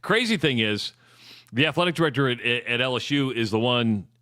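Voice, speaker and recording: A man's voice: medium pitch, pushed and bright, no echo. A man co-hosting a sports talk radio show in a mid-range voice. He chats casually and often stumbles and restarts as he frames his questions. The sound is dry and close to the mic. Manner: halting, restarts questions, conversational. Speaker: radio co-host.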